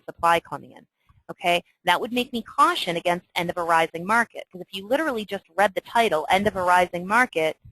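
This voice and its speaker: A chatty woman walks through a trading chart, her lowish voice bright and forceful. She is emphatic and keeps checking in with her listeners. The sound is dry, with no room around it. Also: dry recording, low-quality recording. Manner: chatty, emphatic, often asks "okay?". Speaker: trading instructor. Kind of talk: screen-share trading tutorial.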